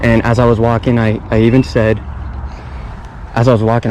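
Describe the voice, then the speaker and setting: A man's voice: medium pitch, monotone, normal speed, a little mellow, low-quality recording. Young man, casual fishing vlogger, chatty and repetitive, outdoors by a pond, action-camera mic, faint background noise. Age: young adult. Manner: laid-back, repeats phrases, chatty. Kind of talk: casual vlog commentary.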